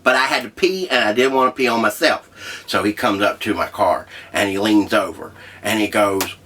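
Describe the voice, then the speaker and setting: An actor playing a crude, rambling trailer park leader who hosts a comedy show, with a profane way of talking. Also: male voice, lowish voice, normal speed, sharp tone, a little hiss or hum. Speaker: comedy show host character. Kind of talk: scripted comedy monologue.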